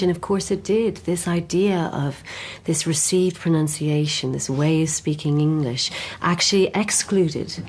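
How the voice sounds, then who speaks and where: Irish voiceover woman, low-ish, candid and animated, faint room ambience. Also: a little hiss or hum. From Ireland. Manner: emotional, animated, quick. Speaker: voiceover artist. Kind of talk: candid interview chat.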